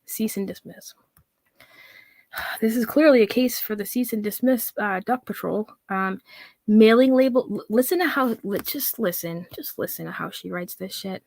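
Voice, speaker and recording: A woman's voice: mid-range voice, moderate pace, vocal fry, a little mellow, no room sound. A woman giving a sarcastic, mocking commentary rant, reading out comments with scorn and swearing freely. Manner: mocking, profane, reads comments aloud in a scornful tone. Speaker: commentary vlogger.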